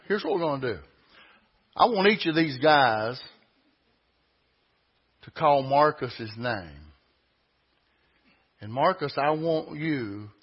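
A pastor preaches a sermon in a church sanctuary in a medium-pitched, husky voice, heard through a dull lo-fi recording. His style is folksy and emphatic, full of rhetorical questions.

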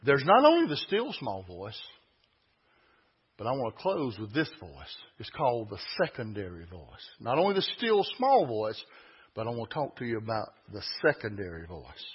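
A man preaching a sermon, folksy and emphatic, building to loud peaks. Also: medium pitch, wildly swooping pitch, normal speed, slightly rough, muffled recording.

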